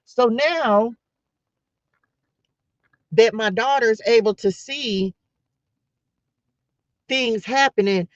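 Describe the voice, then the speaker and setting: A woman's voice: fairly high pitch, drawn-out words, pauses often, no room sound. A middle-aged woman talks to her live-stream audience in an emphatic, preacher-like way, repeating phrases and calling out to y'all. The sound is dry and close, with a slightly dull, lo-fi tone. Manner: emphatic, repetitive, preacher-like, addresses viewers as y'all. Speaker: faith livestreamer. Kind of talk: casual live-stream talk to viewers.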